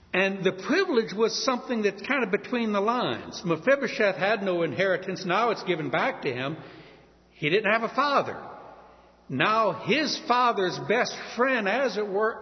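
Lively high-voiced older male preacher. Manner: storytelling, animated, slows down on key words. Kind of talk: sermon. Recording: dull audio in a reverberant hall.

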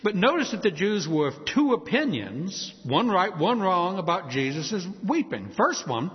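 A man preaching a sermon as pastor, expressive, with emphatic rises and slow, weighty pauses. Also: high voice, breathy edge. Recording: muffled hall reverb.

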